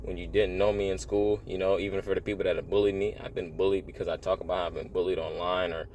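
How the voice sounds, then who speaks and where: A man with a very low, deep voice talks in an earnest, rambling way about faith, circling back on phrases and tossing in "bro" a lot. Faint outdoor sounds and passing vehicles sit behind him. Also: level tone, fast, darkish tone, a little hiss or hum. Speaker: religious vlogger. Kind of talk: casual spiritual monologue.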